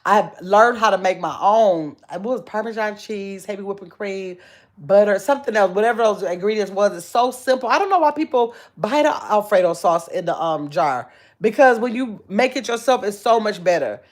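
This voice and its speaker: A middle-aged woman hosting a casual livestream, chatting easily and reading viewer comments aloud with frequent pauses to look. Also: medium pitch, animated. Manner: chatty and easygoing, with frequent "let me see" pauses while reading. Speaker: channel host.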